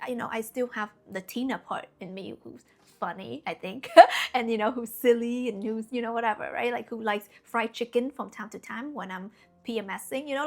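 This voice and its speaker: A woman spiritual coach speaks to camera in a casual, earnest way, peppering her talk with little check-ins to the listener. Her voice sits a bit on the high side. Soft music plays faintly underneath. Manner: chatty, earnest, full of "you know" and "okay?".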